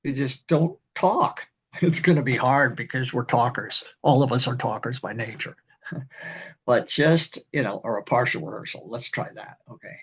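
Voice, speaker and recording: An older man, a community band director, explaining conducting in a rambling, halting way and singing rhythms. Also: mid-range voice, slightly rough. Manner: rambling, halting, with many fillers and sung rhythms. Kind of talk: instructional talk on conducting.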